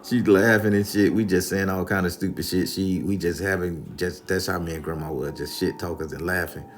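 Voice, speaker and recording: A man's voice: low-pitched, steady tone, brisk, slight background noise. A man telling a spooky story casually and profanely, addressing the listeners directly. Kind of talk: comedic spoken storytelling.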